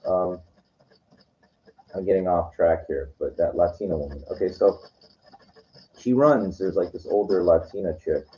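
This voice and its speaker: A man's voice: low-pitched, normal speed, long pauses, dark tone. A man talking in a loose, rambling way, full of "you know" and "like" with frequent restarts. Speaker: weekend vlogger. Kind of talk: casual rambling monologue. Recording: dull lo-fi recording.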